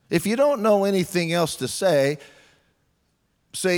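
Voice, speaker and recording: Conversational preacher in a reverberant hall. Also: male voice, high-pitched, sing-song, measured pace. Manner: conversational, humorous, acts out quotes. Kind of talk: sermon.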